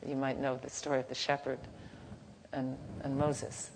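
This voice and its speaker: A woman teaching in a gentle, unhurried, halting way, softly chanting at times, in a reverberant hall. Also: rumbling low, level tone. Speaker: spiritual teacher. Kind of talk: devotional teaching talk. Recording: reverberant hall, faint background noise.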